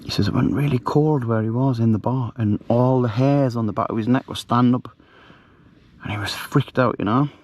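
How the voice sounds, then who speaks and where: A man's voice: mid-range voice, brisk, a little mellow. A middle-aged man tells a story in a chatty, rambling way, full of fillers and restarts, recorded on a handheld camera outdoors at night. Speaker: camper vlogger. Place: outdoors at night in a bivvy bag.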